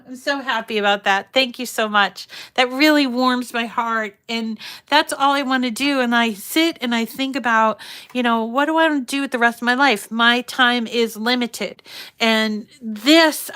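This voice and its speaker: A woman's voice: fairly high pitch, a bit bright. Chatty woman hosting a craft livestream. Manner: chatty and affectionate, reads viewer comments aloud; talks sweetly to her dogs in a raised voice. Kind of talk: casual livestream chat with viewers.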